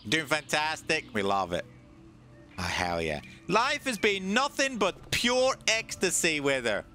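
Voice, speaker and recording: Excitable high-voiced male streamer. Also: measured pace, faint music behind. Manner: excitable, joking, sudden swoops into goofy low voices. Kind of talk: casual gameplay commentary.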